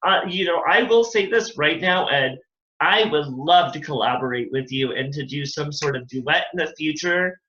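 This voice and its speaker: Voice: mid-range voice, normal speed, sharp tone. A drag queen hosting a casual interview, enthusiastic and full of compliments. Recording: echoey, muffled lo-fi audio.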